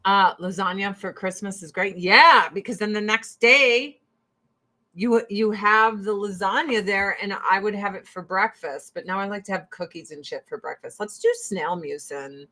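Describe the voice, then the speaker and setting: A woman's voice: mid-range voice, normal speed, bright, forceful tone. Profane, blunt woman in her forties. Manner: profane and blunt, breaks into laughs. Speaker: vlogger. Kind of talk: casual chat during a skincare routine. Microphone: streaming mic close to the camera.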